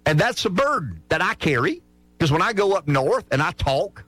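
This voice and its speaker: A man's voice: a little high, very animated, moderate pace, a bit bright, dry recording, soft background music. Passionate rural Southern radio man. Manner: passionate, emphatic, repeats words as he builds his point. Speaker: radio host. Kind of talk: morning radio talk.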